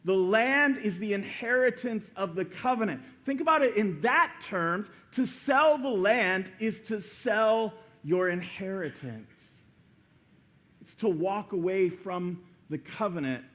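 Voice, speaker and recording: A man preaching a sermon as pastor in church, telling a story with lively acted-out voices. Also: high-pitched, measured pace. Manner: animated storytelling, acting out quoted voices.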